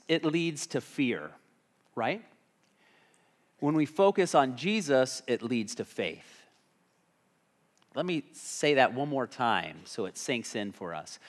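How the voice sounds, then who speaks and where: Lively conversational male pastor preaching. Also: fairly high pitch. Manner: conversational, asks the congregation questions. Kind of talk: sermon.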